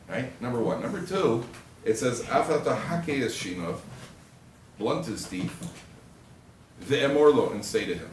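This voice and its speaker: A man giving an animated Torah class as a rabbi, joking and acting out quoted husbands and wives. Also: mid-range voice, moderate pace, far from the mic, slight background noise. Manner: animated storytelling, acts out quoted husbands and wives, jokey asides. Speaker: rabbi lecturer. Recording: echoey room recorded from afar, faint ambience.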